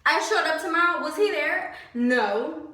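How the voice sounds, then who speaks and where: A woman's voice: high-pitched, unhurried. Indignant young woman, echoey room. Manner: animated, indignant storytelling with lots of "like". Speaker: vlogger. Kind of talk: casual storytime vlog. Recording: very echoey room, slightly distant mic.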